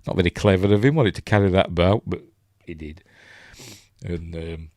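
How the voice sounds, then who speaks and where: Yorkshire man, very deep voice, rambling easygoing host, casual film chat. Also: normal speed, darkish tone, dry recording. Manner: rambling, many ums and restarts.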